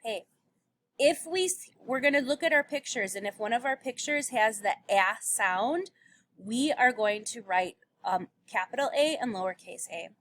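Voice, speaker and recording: A woman's voice: fairly high pitch, lively intonation, normal speed, a bit bright. A woman teacher giving a recorded phonics lesson to young children, patiently sounding out letters and words.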